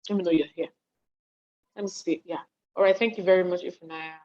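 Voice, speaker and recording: This Nigerian speaker on leadership and volunteering talks live online from her home study to a chat audience, keeping it lively and conversational, mimicking what others say and repeatedly checking that people are following. Her voice sits on the low side and moves a little fast, and she is hungry and yawning. The sound comes through a video call, dull and lo-fi.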